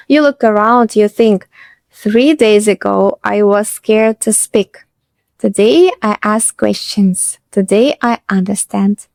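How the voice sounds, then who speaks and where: A woman, a teacher narrating a slow scripted lesson and repeating phrases for learners. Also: mid-range voice, darkish tone, dry recording. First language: Russian. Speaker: Russian teacher.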